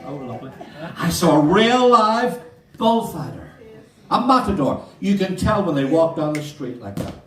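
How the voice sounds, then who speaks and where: A man's voice: a little high, big pitch swings, moderate pace. An older man doing live stand-up, telling cheery one-liner stories to a hotel audience. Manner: cheery storyteller, addresses the audience as ladies and gentlemen. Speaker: stand-up comedian. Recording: echoey hall from far off.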